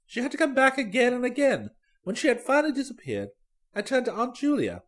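A storybook reader tells a comic tale as a dry, amused young gentleman. The pitch moves very widely from line to line. The delivery stays wry and conversational. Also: very animated, a little fast. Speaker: audiobook reader. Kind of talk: storybook narration.

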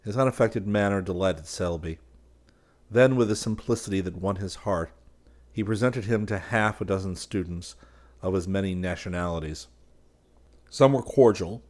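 A man reading a novel aloud as a narrator, lifting his voice for the characters' lines. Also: darkish tone. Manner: voices characters by raising pitch and volume. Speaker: audiobook narrator. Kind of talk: scripted narration.

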